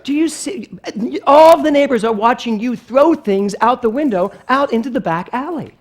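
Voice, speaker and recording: A man voicing an exasperated mother lecturing her young son in a shrill, lecturing way. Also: big pitch swings, normal speed, a little mellow. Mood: scolding. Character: exasperated scolding mother, woman.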